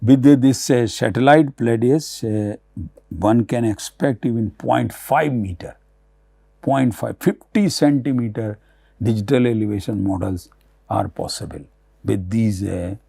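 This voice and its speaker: A man giving a recorded academic lecture, halting often with fillers and restarts. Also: lowish voice, creaky, dark tone, slightly rough, dry recording, clean studio sound.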